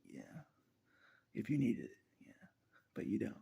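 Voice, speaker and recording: A man talking straight to the camera in a rambling casual monologue, often laughing and ranting out loud at God. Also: medium pitch, animated, measured pace, vocal fry, husky, in a whisper. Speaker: vlogger.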